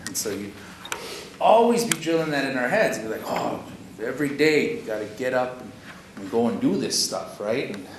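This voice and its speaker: Speaking at a moderate pace in an animated, medium-pitched voice, this Canadian workshop facilitator spins stories full of "eh?" and "you know?" in a folksy, chatty style. The recording has an echoey room sound with noticeable noise.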